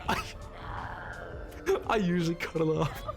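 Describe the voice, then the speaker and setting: A man's voice: on the high side, unhurried, music in the background. A man streaming a game, chatting and bantering playfully with his viewers. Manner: playful, teasing banter with chat. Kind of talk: casual live-stream chat.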